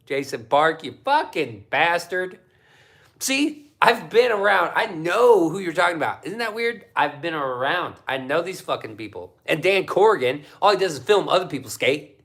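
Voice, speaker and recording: A man's voice: on the high side, unhurried. A man hosting a casual livestream, reading viewer chat and ranting with lots of swearing. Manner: profane, animated ranting. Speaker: livestream host.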